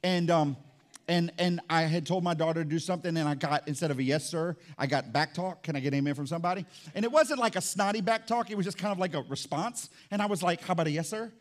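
A man's voice: on the high side, fast talker. A middle-aged man preaching a sermon as pastor, telling family stories in a conversational way and calling on the congregation for amens. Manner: conversational storytelling, calls for amens.

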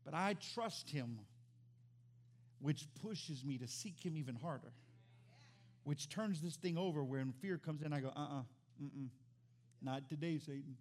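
Animated preaching man, high lively voice. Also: measured pace, pauses often. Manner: animated, rising to near-shouts. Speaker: pastor. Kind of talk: sermon.

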